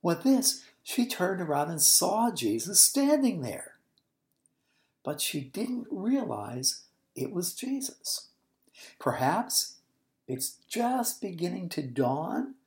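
A woman's voice: fairly low pitch, big pitch swings, slow, a little mellow. A woman giving expository Bible teaching, retelling the story expressively and explaining original-language words.

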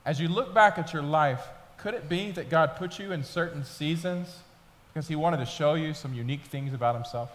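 A man's voice: fairly high pitch, a bit bright. A man in his thirties preaching a sermon as pastor, telling stories conversationally and building in intensity. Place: church sanctuary. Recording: long hall reverb.

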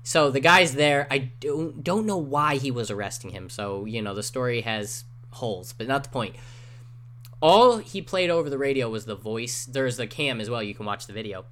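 A man's voice: mid-range voice, animated, moderate pace, a bit bright. A man in his twenties, co-hosting a casual podcast chat, telling a rambling story full of fillers and swearing. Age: 20s. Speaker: podcast co-host.

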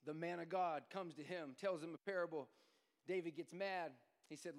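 A man preaching a sermon as pastor, going from quiet storytelling to shouted, sing-song preaching. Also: on the high side, moderate pace, big-room sound. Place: church sanctuary.

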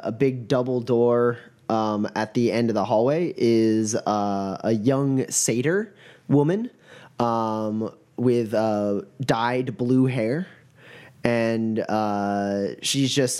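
A man narrating as game master, halting with many fillers. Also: medium pitch, darkish tone, clean tone.

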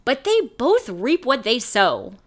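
A woman cohosting a podcast in casual chat, animated and full of fillers. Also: a little high, measured pace. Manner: animated, uses "like" a lot.

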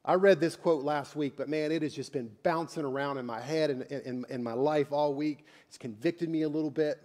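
A man's voice: on the high side, brisk. Man preaching a dynamic sermon. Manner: preacher who swings from quiet intimate asides to loud shouted climaxes; conversational, repeats and restarts words. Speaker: pastor.

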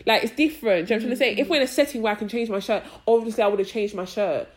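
A young woman, chatting casually as a podcast co-host, often asking "do you know what I mean" and getting loud when she rants. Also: fairly high pitch, racing. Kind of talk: casual chat.

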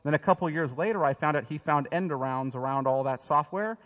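A man's voice: fairly high pitch, brisk, fairly bright tone, in a large hall. A man preaching a sermon as pastor, talking in a direct, emphatic way and often restarting his words. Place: church sanctuary.

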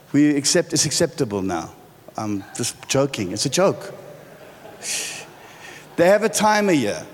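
Middle-aged male preacher, bright high voice that swings all over, playful with the crowd, recorded in a big echoing hall. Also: slight background noise. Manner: joking and animated, quizzing the congregation. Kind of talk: sermon. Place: large church hall. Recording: church hall reverb with faint music.

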